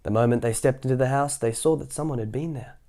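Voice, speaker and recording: A man's voice: mid-range voice, fast talker, warm tone. A man reading a children's picture book aloud, in a playful way with chatty asides between passages. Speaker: children's story reader.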